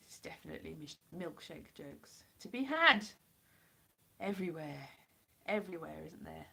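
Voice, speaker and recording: Woman from the UK, hoarse, live-stream chat, rambling, jokey, computer mic. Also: fairly low pitch, animated, normal speed, bright, forceful tone. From United Kingdom. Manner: rambling and jokey, chatting to viewers. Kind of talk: casual live-stream chat answering viewers.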